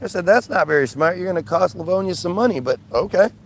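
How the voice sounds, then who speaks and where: A man with a slightly high, gravelly voice tells a rambling story to his live feed, exasperated and acting out the people he quotes. He is outdoors, and traffic hums faintly behind him. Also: lively intonation, quick pace. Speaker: streamer.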